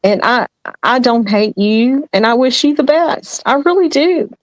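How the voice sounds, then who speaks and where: A woman's voice: on the high side, a little slow, dry recording, poor audio. Earnest woman guest on a panel. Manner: earnest, pleading, tearful at times. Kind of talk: emotional call-in talk.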